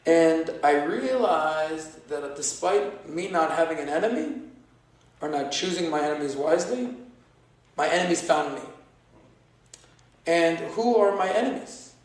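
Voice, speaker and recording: An animated man spins stories as a podcast guest, slipping into the voices of the people he quotes. His voice sits high for a man and sounds distant from the microphone, in a strongly echoing room. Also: unhurried, pauses often. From United States. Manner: animated storyteller who acts out quoted dialogue. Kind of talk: storytelling in a conversational interview. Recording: very echoey room, voice away from the mic.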